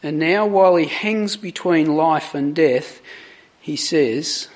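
A man delivers a sermon at an unhurried, measured pace, his voice sitting somewhat high. He reads scripture with dramatic weight on the quoted speech, then turns to reflect on it for his listeners. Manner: slow, deliberate, dramatic emphasis on quoted lines. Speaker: preacher.

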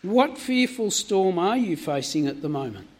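A man's voice: high voice, sing-song, moderate pace, darkish tone. A man preaching a sermon, asking his listeners many direct questions.

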